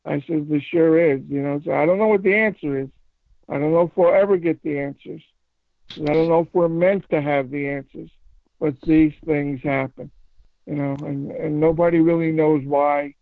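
A man telling a paranormal story in a casual phone interview, rambling and halting with many restarts. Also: a little high, fairly even intonation, dry recording. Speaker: paranormal investigator guest. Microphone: phone call. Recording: tinny phone line, fry.

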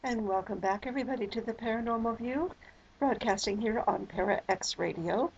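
A woman hosts a talk radio show with an upbeat welcome for her listeners and guests. Her voice has a gravelly edge and sits a little high. A faint hiss runs behind her. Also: brisk, darkish tone, muffled recording. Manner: upbeat welcome, laughs at her own slip.

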